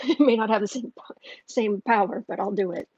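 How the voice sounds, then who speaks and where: A woman hosting a casual livestream and reading viewer comments aloud, chatty and quick to laugh. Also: medium pitch, darkish tone, slightly rough, dull audio. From northern United States. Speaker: tarot reader and channel host.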